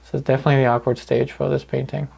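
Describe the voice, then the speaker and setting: A man calmly talking through each step of a painting lesson in an easygoing way. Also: medium pitch, racing, creaky, slightly rough. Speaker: painting instructor. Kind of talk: paint-along tutorial narration.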